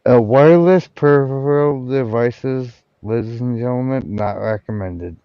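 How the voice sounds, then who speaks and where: A man's voice: medium pitch, unhurried, clear, resonant tone, dry recording, dull audio. A man hosting a casual livestream chat, rambling and sardonic, with frequent swearing.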